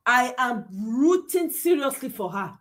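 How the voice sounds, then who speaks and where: A Nigerian woman hosts a political livestream in a Nigerian accent, slipping into Nigerian Pidgin as she mocks with laughing asides and exclamations. Her voice is high and sing-song, and she speaks a little slowly.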